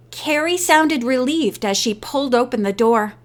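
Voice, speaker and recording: A woman narrating a teen mystery audiobook in a measured reading. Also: sits high, animated. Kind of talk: scripted narration.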